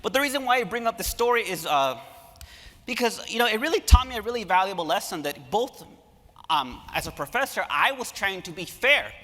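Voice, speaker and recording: A man speaking as an academic at a conference, telling stories in an animated way and engaging the audience from a lecture hall stage. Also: high-pitched, a little fast. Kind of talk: conference talk. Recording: reverberant hall.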